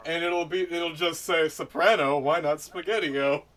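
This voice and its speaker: A man on a casual podcast call, goofing around and delivering deliberately dumb jokes. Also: on the high side, steady tone, over a noisy crowd. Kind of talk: casual group chat.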